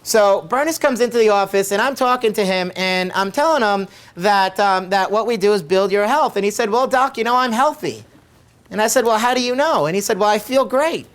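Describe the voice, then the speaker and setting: A man's voice: sits high, fairly quick, hardly any pauses, fairly bright tone, clean tone. A middle-aged man, a chiropractor, telling a patient story to camera in a conversational way and repeating his questions for emphasis. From United States.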